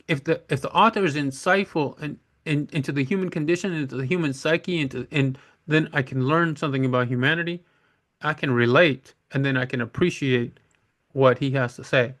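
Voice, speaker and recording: A man's voice: mid-range voice, fairly bright tone. A man talking through his reading list in a casual on-camera monologue, rambling, blunt and opinionated, often restarting his sentences. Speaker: book vlogger.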